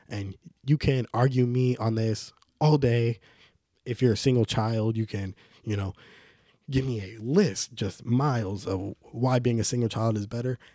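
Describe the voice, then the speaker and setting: Podcast host, young man, low mellow voice, rambling casual monologue, dry close recording. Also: no echo. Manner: rambling, animated when quoting others.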